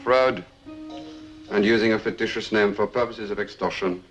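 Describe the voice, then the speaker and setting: A man with a French accent playing a formal, deliberate police officer in a drama. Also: fairly low pitch, fairly even intonation, a bit bright, soft background music. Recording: dull lo-fi sound.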